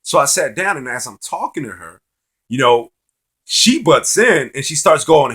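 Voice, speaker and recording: A man's voice: mid-range voice, big pitch swings, moderate pace, sharp tone, husky. A man vlogging dating advice as a loose, profane, rambling story told in casual talk.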